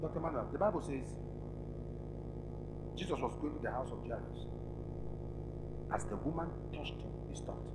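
A male pastor preaching a sermon, telling a story dramatically and swinging between hushed tones and shouts at a live service. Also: mid-range voice, expressive, normal speed, pauses often, very noisy.

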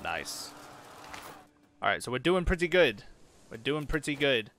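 A man casually commenting on a strategy game and reading its event texts aloud, muttering quick reactions as he plays. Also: medium pitch, sing-song, a bit bright, a little hiss or hum. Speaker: gaming channel host.

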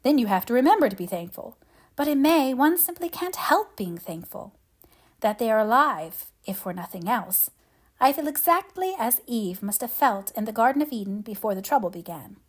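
A woman's voice: fairly high pitch, big pitch swings, normal speed, slightly rough. A woman voicing a dreamy, imaginative young teacher who speaks in an effusive, lyrical way. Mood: rapturous.

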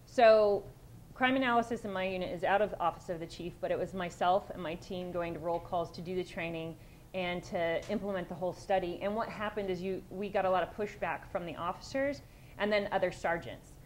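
A woman's voice: on the low side, brisk, slight background noise, low-quality recording. Direct-speaking woman giving a talk. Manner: direct, conversational, with frequent restarts. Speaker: police sergeant presenting at a workshop. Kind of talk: conference presentation.

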